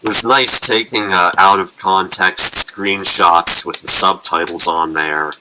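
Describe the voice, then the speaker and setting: A man's voice: low voice, steady tone, a little slow, background noise. A man chatting with friends on a voice call, telling stories with dry jokes. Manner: dry, joking, storytelling. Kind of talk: casual chat on voice call. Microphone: computer mic on voice call.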